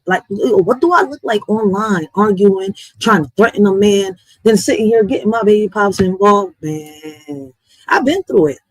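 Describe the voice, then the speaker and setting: A woman hosting a livestream, venting in a blunt, profane, animated way. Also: medium pitch, no room sound, low-quality recording. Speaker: livestream host. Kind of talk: casual livestream rant.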